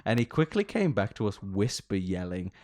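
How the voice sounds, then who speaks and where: Brief: male podcast host, lively sing-song pitch, rambling and giggly as he reads. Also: normal speed, dry recording, clean studio sound. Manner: rambling, giggly, often breaks into laughter. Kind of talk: casual comedic chat and story reading.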